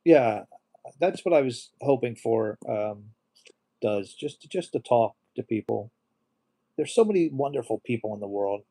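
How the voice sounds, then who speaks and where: Middle-aged male live stream host; warm low-key tone, emotional, reads viewer comments aloud. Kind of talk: casual live stream chat.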